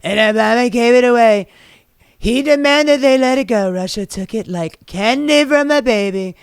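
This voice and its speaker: A man's voice: very high-pitched, moderate pace, gravelly, clean tone, dry recording, clean studio sound, voice pushed up. A man doing a pompous boastful old politician. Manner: sweeping exaggerated boasting.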